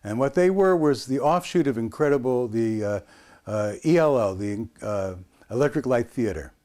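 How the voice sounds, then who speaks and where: A man's voice: medium pitch, expressive, moderate pace, a little mellow. A man in his sixties from the United States, telling a rambling story as an interview guest, with frequent hesitations and restarts.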